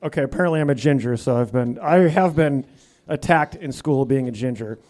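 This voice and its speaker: A man's voice: medium pitch, fairly quick, darkish tone. A man from the United States, a guest comedian on a radio talk show, rambling loosely in casual comedy banter and mocking himself. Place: radio studio.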